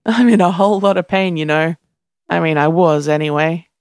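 A woman's voice: fairly low pitch, normal speed, clean tone, dry recording, clean studio sound, close to an everyday voice. A woman reading a giggly drugged-up young man. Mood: drugged, joking. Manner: loose, giggly, slurred. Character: drowsy young man on morphine, joking.

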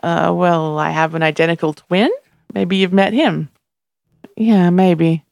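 A woman voicing a young man high on morphine after a broken arm, loose and giggly as he jokes. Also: steady tone, a little slow, vocal fry, darkish tone, no room sound, clean studio sound. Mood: drugged, joking.

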